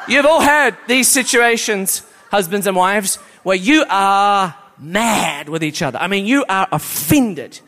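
A man preaching a lively sermon, playful and exclamatory, often breaking into laughter. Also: high-pitched, normal speed.

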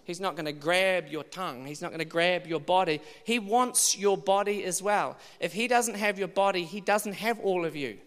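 A man preaching a sermon, telling his own testimony in an animated way, moving from hushed passages to loud ones. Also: high voice, moderate pace, few pauses. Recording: long church reverb.

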